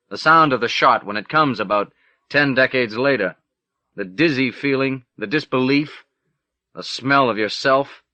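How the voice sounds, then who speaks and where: A man's voice: mid-range voice, bright, forceful tone, no room sound. A man reading a short story aloud in the first person, with a wry, plainspoken storytelling manner, on an old cassette recording. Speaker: audiobook narrator. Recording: dull, lo-fi 1980s cassette recording.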